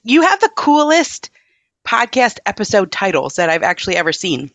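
A woman's voice: medium pitch, very animated, normal speed, a bit bright, dry recording. A woman hosting a podcast interview, enthusiastic and affirming toward her guest. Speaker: podcast host.

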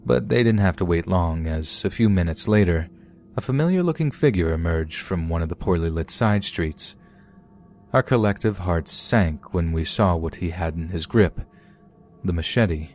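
A man hosting a podcast, reading listeners' true horror stories aloud in a steady storytelling way. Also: low-pitched, a little hiss or hum. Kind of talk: scripted horror story narration.

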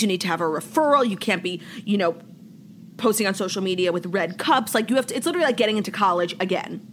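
A woman's voice: medium pitch, slight background noise. A young woman from New York co-hosting a podcast, telling a story in casual chat full of "like" fillers. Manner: chatty, heavy "like" filler, animated retelling. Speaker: podcast co-host.

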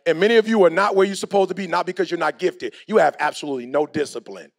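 A man's voice: high-pitched, fast talker, vocal fry. A middle-aged man giving a motivational speech in a preachy, slangy way, acting out the people he quotes. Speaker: motivational speaker.

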